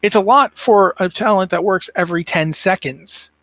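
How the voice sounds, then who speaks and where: A man's voice: sits high, normal speed, fairly bright tone. A tired man co-hosting a casual gaming podcast, rambling and thinking aloud with plenty of fillers. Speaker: podcast co-host.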